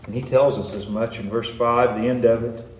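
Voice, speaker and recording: A man's voice: medium pitch, fairly even intonation, normal speed, slight background noise. Preaching man in an echoey room. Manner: earnest, rising and falling emphasis. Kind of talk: sermon.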